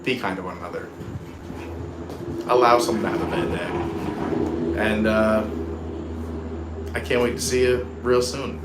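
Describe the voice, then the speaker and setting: A man's voice: fairly low pitch, measured pace, pauses often, reverberant, heavy background noise. A man in his thirties hosting a live stream, signing off in an earnest, heartfelt, rambling way, recorded on a phone outdoors at a theme park. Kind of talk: casual live stream sign-off.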